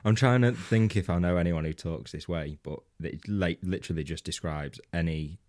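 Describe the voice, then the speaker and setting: A man's voice: sits low, normal speed, a little mellow. A man co-hosting a comedy podcast, telling a rambling anecdote in casual banter, laughing often and swearing freely. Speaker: podcast co-host.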